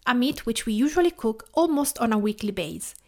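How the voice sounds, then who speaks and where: A Tuscan woman with an Italian accent, hosting her cooking podcast and reading in an unhurried way, lingering over lists. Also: a little high, animated. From Tuscany, Italy. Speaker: podcast host and home cook. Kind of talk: scripted podcast narration.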